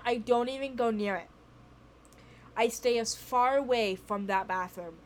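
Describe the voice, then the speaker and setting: A young woman hosting a podcast, telling a story in casual chat, animated and swearing, laughing between lines, from her bedroom at home. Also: mid-range voice, a little hiss or hum. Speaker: podcast host.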